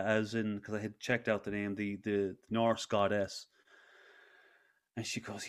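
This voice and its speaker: A breathwork facilitator in his thirties tells a personal story in a casual interview, rambling and restarting often. His fairly low voice is flat and clean, and he speaks a little slowly.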